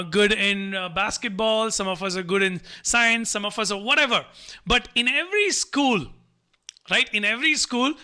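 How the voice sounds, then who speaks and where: A man's voice: very high voice, bright, forceful tone. A man giving a live online motivational talk to students, repeating himself and coaxing the audience to type replies. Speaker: motivational speaker.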